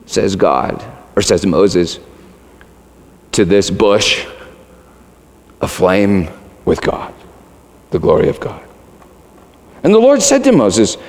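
A man preaching a sermon emphatically, swinging between loud declarations and hushed asides. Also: lowish voice, sing-song, slow pace, pauses often. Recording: long hall reverb.

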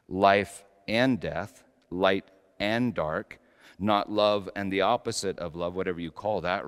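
A pastor preaching a sermon, swinging between loud exclamations and hushed asides. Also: male voice, fairly low pitch. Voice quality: slight whistle on a false tooth. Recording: long echoing hall reverb.

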